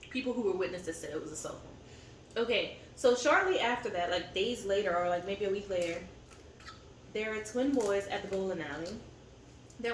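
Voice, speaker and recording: A woman talking candidly over a meal, her words rambling and unpolished as she vents. She sits back from a camera in a roomy space, with a faint hum of ambience behind her. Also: mid-range voice. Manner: candid, venting, rambling with fillers. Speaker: co-host of a family eating channel. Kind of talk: casual chat over a meal. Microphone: camera set up at a distance. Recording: roomy echo, distant mic, faint ambience.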